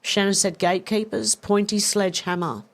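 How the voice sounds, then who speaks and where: Woman, live-stream host, mid-pitched, chatty and self-mocking, reads comments aloud and laughs a lot. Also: steady tone, normal speed. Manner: chatty and self-deprecating, laughs often, reads messages aloud and answers them. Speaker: livestream news host reading viewer comments. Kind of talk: casual live-stream chat.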